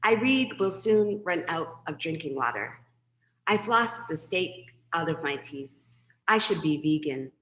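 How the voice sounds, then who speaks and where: A woman's voice: deep voice, animated, measured pace, fairly bright tone, echoey room. A woman poet reading her poems, with chatty, rambling asides between them. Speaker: poet and professor. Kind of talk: poetry reading with casual asides.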